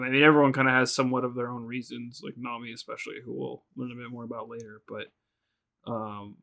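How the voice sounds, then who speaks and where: A man co-hosting a podcast in casual chat, joking and tossing in quick quips. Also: mid-range voice, bright, forceful tone. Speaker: podcast co-host.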